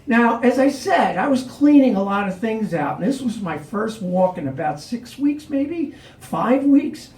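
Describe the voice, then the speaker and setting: A man's voice: high voice, measured pace. A middle-aged man telling a personal story live, acting out the other people's lines. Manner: animated, acts out the cops' lines. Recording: roomy, distant mic.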